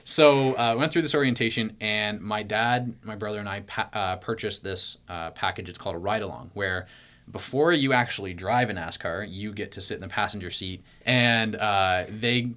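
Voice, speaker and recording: A young man telling a story in casual chat, animated and full of "like" fillers, acting out his own panic. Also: lowish voice, moderate pace.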